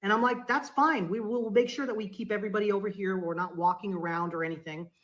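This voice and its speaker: Woman guest, conversational podcast storyteller, mid-range voice; animated, voices the other people in her story. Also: medium pitch, quick pace, lo-fi sound. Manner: animated, acts out quoted dialogue.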